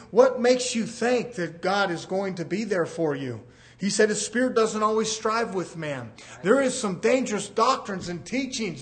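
A fervent preacher man delivers a sermon in a strikingly high voice. He keeps addressing the congregation as brothers and sisters and pushes his points up into shouts.

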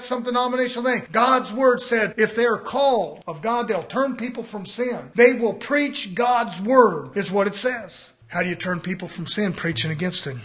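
Fiery preacher man, high bright voice. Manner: fiery preaching, swings from low murmurs to shouts. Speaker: pastor. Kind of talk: sermon.

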